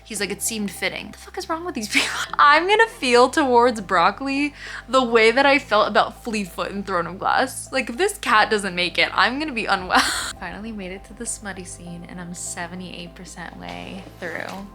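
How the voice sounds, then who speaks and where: A young woman in her twenties chatting casually in a book vlog, gushing and excitable, swearing now and then, talking from her bed. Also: mid-range voice, moderate pace, faint music behind. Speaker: book vlogger. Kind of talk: casual reading vlog chat. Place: tucked in bed.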